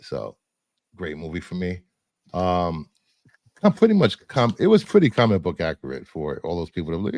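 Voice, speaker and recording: A man's voice: low-pitched, huge pitch swings, moderate pace, darkish tone, no echo. A man co-hosting a casual chat, rambling through his film picks with fillers and the odd laugh. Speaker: co-host presenting film picks.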